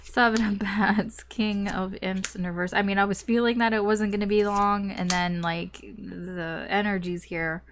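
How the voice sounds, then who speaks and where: A woman's voice: medium pitch, level tone, unhurried, hardly any pauses, a little hiss or hum. Chatty woman giving a tarot reading. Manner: chatty, frequent fillers and restarts, light laughs. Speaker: tarot reader. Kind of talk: casual spoken tarot reading.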